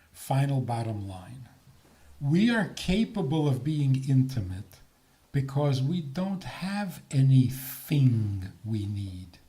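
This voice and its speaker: Slow, animated older rabbi. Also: male voice, medium pitch. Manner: animated, joking, rhetorical questions. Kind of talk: talk on faith.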